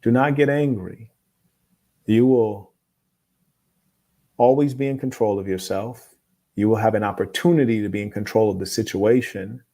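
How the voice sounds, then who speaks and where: A man hosting an advice show, reading viewer letters aloud and giving blunt, moralizing opinions in a calm, lecturing way. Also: lowish voice, moderate pace, long pauses. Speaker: host.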